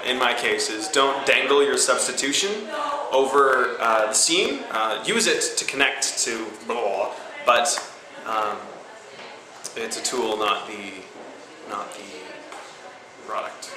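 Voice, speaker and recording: A young man, an acting student, chatting with wry jokes. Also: medium pitch. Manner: wry, joking. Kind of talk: casual chat. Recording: echoey room with clear noise.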